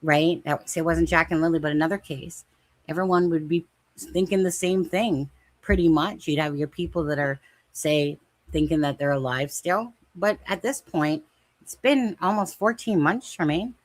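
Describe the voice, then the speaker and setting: A woman's voice: low voice, normal speed, no room sound. A woman co-hosting a true crime podcast in casual chat, talking in rambling, emphatic bursts and repeating herself. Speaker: podcast co-host.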